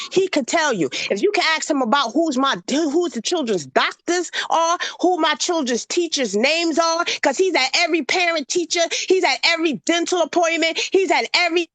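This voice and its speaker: A woman in her forties arguing on a livestream panel, forceful and indignant, firing off rhetorical questions. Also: high voice, no room sound. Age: 40s. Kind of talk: heated panel debate.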